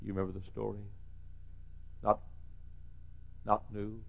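A man preaching a sermon in a church, swinging from hushed lines to shouting. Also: lowish voice, flat delivery, a little slow, creaky, narrow, tinny audio.

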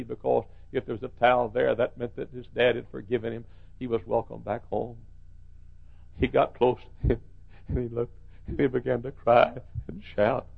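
A man preaching a sermon, his gravelly voice falling to a hush and then rising to a shout. The recording is thin and phone-like, as if taped in a church long ago. His pitch sits in the middle range. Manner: swings from hushed to shouting.

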